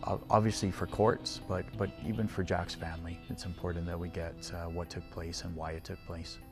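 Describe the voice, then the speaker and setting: A male police investigator speaking in a documentary interview, measured and restarting phrases as he explains. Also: low voice, level tone. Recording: interview with a music bed.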